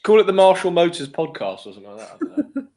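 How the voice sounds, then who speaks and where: Chatty podcast panelist, swears easily, lively pitch. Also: male voice, rapid-fire, crowd noise. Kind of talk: casual chat.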